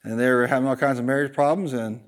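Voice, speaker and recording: A male pastor preaching a sermon, animated and joking, leading the congregation in call-and-response. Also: medium pitch, quick pace.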